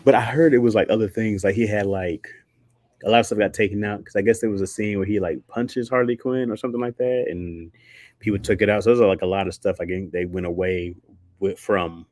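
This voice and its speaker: Man, casual livestream chat, slangy, rambling, low voice, dry close sound. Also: fairly even intonation, a little fast, a little mellow, no room sound. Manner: slangy, rambling, laughs often. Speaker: streamer.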